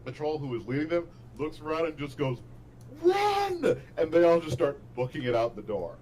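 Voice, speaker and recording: A man's voice: fairly high pitch, fast talker, darkish tone, slight background noise, rough recording. A man running a tabletop game as game master, explaining rules and narrating scenes, often laughing at his own descriptions.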